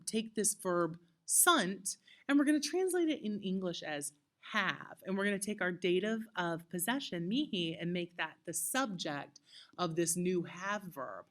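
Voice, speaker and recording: A woman teaching a recorded lesson, talking conversationally with many fillers and checking in with "okay?" often. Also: lowish voice. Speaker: Latin teacher. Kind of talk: recorded lecture.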